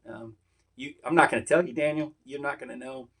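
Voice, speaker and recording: A man's voice: mid-range voice, brisk, vocal fry, a bit bright, slightly rough. A man voicing a stern angel who brushes off a prophet's question, in a dismissive, curt way.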